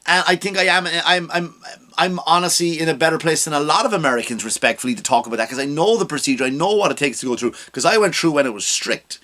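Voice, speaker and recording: In a fairly high, bright and forceful voice, this middle-aged immigrant to the US talks fast while hosting his comedy podcast. His rant is profane and laced with mocking impressions.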